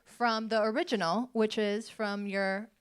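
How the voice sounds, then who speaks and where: A woman moderating an onstage interview in a small theater, asking measured questions. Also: medium pitch, steady tone, clear, resonant tone.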